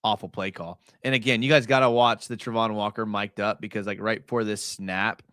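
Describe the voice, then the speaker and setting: A young man hosting a casual live stream. He breaks down game film in a chatty way, full of fillers, and gets excited as he talks. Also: lowish voice, fairly quick, clean tone, dry recording, studio quality.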